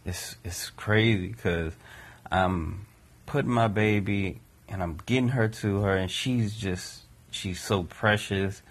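Male podcast co-host, low husky voice, earnest reflective storyteller. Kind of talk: personal storytelling.

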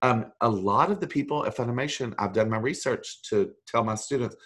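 A middle-aged man, a voice actor, chatting as an interview guest and telling animated, self-deprecating stories with mimicked voices. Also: medium pitch, a little fast, slightly rough. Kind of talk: casual interview chat.

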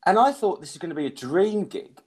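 A man's voice: high voice, very animated, fairly quick, breathy edge. A man in his thirties, a comedian hosting a podcast, telling swear-laden, self-mocking anecdotes in casual chat. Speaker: stand-up comedian and podcast host.

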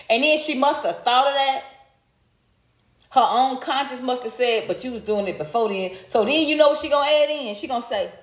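A woman, hosting a live stream and talking straight to her viewers in a heated, profane rant. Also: high-pitched. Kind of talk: casual live-stream commentary. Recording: echoey room.

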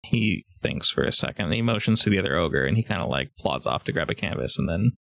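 A man's voice: low voice, animated, fast talker, vocal fry, fairly bright tone, no echo. A man narrating as game master, in a loose, rambling way full of fillers. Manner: rambling, many fillers and restarts. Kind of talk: improvised tabletop game narration.

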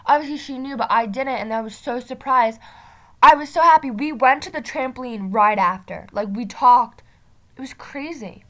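A woman's voice: high-pitched, moderate pace, pushed and bright. A teenage girl on a video call, telling a story in casual chat with lots of fillers and giggles. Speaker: vlogger.

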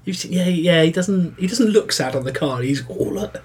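A man co-hosting a casual board game podcast, chatting keenly and throwing in quick quips. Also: sits high, expressive, darkish tone, slightly rough. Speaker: podcast co-host.

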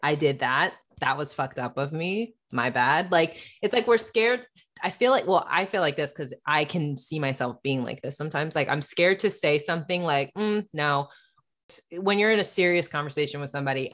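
A woman's voice: low voice, lively intonation, normal speed. A woman co-hosting a podcast in casual, candid chat, laughing often and swearing freely. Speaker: podcast co-host.

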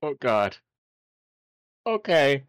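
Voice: mid-range voice, sing-song, extremely slow, smooth, dry recording. A tabletop game player who reacts hesitantly to what happens. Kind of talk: casual game talk.

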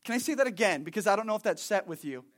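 High-voiced animated young man preaching. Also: rapid-fire. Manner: animated, conversational preaching with acted-out asides. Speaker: pastor. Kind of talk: sermon.

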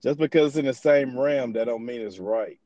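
A man's voice: mid-range voice, normal speed, mellow, dry recording, highs cut off. A young man hosting a podcast in casual chat, loose and profane, rambling through his stories. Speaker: podcast host.

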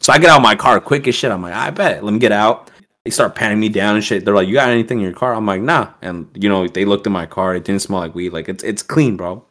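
A man's voice: on the low side, fast talker, hardly any pauses. A young man telling a story as a podcast guest, casual and profane, acting out the voices of the people in it. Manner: profane, animated, acts out quoted voices.

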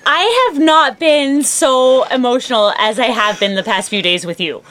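Brief: woman, high animated voice, giggly and candid, faint background noise. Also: normal speed. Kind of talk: casual podcast chat.

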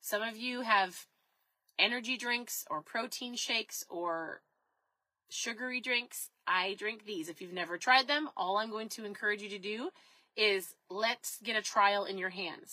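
Woman, 30s, vlogger, chatty, upbeat, bright voice, dry close sound. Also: mid-range voice, dry recording, poor audio. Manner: chatty and upbeat, asks the viewers questions. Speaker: keto lifestyle vlogger. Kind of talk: casual direct-to-camera talk.

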